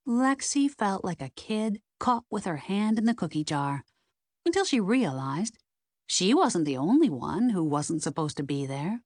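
Woman, audiobook narrator, mystery reading, expressive, lowish voice, dry sound. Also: measured pace, dry recording.

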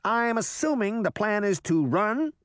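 A man's voice: high-pitched, big pitch swings, a little slow, fairly bright tone, dry recording, studio quality, pitched above the performer's own voice, heavily acted. A man voicing a cocky, mischievous boy fairy who talks in a smug, flippant way in an audiobook.

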